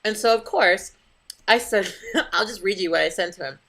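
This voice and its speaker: A woman's voice: medium pitch, fast talker, a bit bright. A young adult woman venting to camera in a casual vlog, blunt and profane as she tells her story. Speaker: vlogger.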